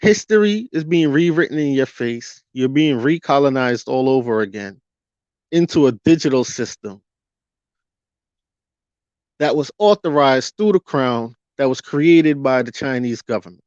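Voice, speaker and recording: A man's voice: mid-range voice, lively intonation, unhurried, a little mellow, smooth, dry recording. A man ranting through a fiery commentary monologue, firing rhetorical questions at his viewers and stretching out words for emphasis. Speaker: vlogger. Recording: dull lo-fi dry audio.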